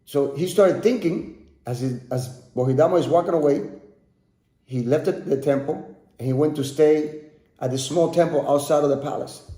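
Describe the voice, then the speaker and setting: A man's voice: on the high side, normal speed, mellow. Man telling a story, echoey room. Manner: repeats and restarts words while telling. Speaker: podcast host. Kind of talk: storytelling narration.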